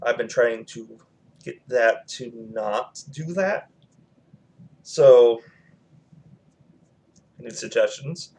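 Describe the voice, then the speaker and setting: A man's voice: mid-range voice, slow, long pauses, a little mellow. A man telling a personal story to his channel in a casual, rambling way, with lots of fillers and quoted back-and-forth.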